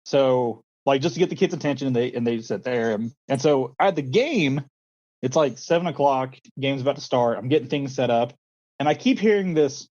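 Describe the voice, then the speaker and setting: A man's voice: medium pitch, normal speed, darkish tone, lo-fi sound. A young man, a teacher and coach, chatting casually on a podcast, rambling with lots of fillers and quoting people in playful voices. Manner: rambling with many fillers, acts out quoted voices. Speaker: podcast co-host, schoolteacher and coach. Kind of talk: casual storytelling chat.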